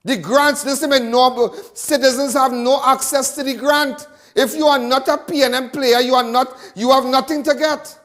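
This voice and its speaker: Fiery high-voiced Trinidadian man. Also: steady tone, moderate pace, hardly any pauses, fairly bright tone. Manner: fiery, repetitive, stammering restarts. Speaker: host of a live crime talk show. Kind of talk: impassioned live monologue.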